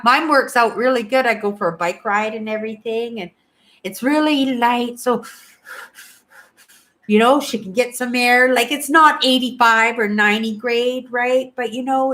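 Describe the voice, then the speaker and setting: This is a Canadian woman in her sixties hosting a casual livestream, chatting in a rambling way with her live viewers. Her voice is a little high with a fairly bright tone, and she tacks "right?" onto most of her sentences.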